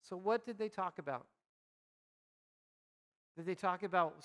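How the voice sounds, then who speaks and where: A man's voice: sits high, a little slow, a bit bright. A man preaching a sermon as a pastor, reading scripture and acting out imagined conversations in a conversational way. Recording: reverberant hall.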